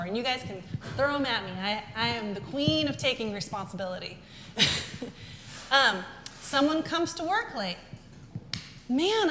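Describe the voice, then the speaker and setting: A woman giving an animated, emphatic business talk to a live audience, acting out quoted remarks as she goes. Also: on the high side, slight background noise. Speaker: business speaker. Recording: echoey hall with faint ambience.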